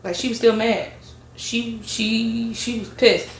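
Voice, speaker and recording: A woman's voice: on the high side, little pitch movement, takes it slowly, creaky, a little hiss or hum. Dramatic woman storyteller, echoey room. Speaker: podcast host. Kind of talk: true crime storytelling chat.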